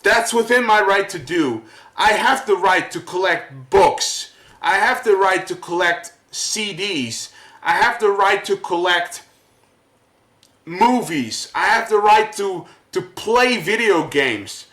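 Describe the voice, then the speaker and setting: A man ranting to camera as a vlogger, worked up and halting, repeating his words as he goes. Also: high-pitched, lively intonation, bright, forceful tone, roomy sound, low-quality recording. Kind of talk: angry rant to camera.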